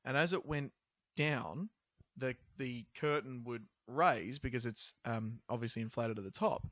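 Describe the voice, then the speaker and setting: A man co-hosting a podcast, telling a story in a casual, animated, jokey way and laughing often. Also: mid-range voice, a little slow, no room sound, highs cut off. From half English. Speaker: podcast co-host.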